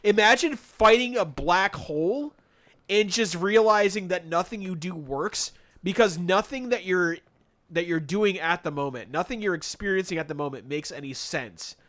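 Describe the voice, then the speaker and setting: A man chatting casually on a live stream while gaming, telling animated, sarcastic stories and laughing often. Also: high-pitched, normal speed.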